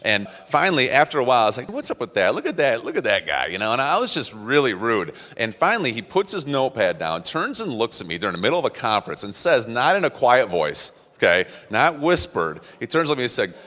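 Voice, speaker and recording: A man giving a motivational talk, telling personal stories in an animated way and acting out quotes. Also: medium pitch, quick pace, hardly any pauses, long reverb tail. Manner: animated, acts out quotes, laughs at himself. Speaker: motivational speaker. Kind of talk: storytelling talk to an audience.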